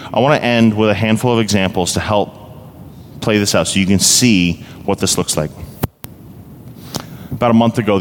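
Lower-voiced pastor preaching in an echoey hall. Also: male voice. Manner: earnest, growing emphatic and personal. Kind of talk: sermon. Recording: echoey hall, faint rumble.

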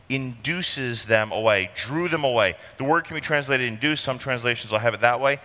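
A man's voice: medium pitch, bright, forceful tone. A man preaching an expository sermon as pastor, talking conversationally and asking rhetorical questions, in a church sanctuary. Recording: long hall reverb.

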